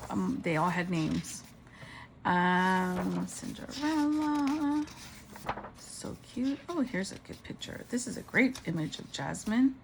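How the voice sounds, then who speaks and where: Slow-talking, gushing woman crafter. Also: medium pitch, creaky, slight background noise, poor audio. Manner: gushing, excited, exclaiming over each item. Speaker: craft vlogger. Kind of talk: casual show-and-tell narration.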